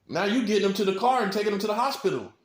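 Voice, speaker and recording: A man's voice: high voice, reverberant. A man giving an informal preaching monologue, blunt and repetitive, with slang and chuckles. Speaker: self-styled prophet.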